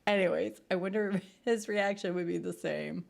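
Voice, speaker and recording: A woman's voice: on the low side, normal speed, creaky, very noisy. Bubbly woman hosting a reaction video. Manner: bubbly and chatty, laughs easily. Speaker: musical theatre coach and reaction host. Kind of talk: casual reaction commentary.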